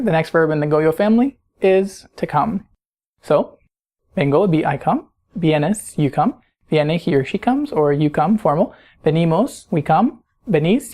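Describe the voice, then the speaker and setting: Woman teacher, low mellow voice, patient explainer who quizzes the listener. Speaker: Spanish teacher. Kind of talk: recorded grammar lesson.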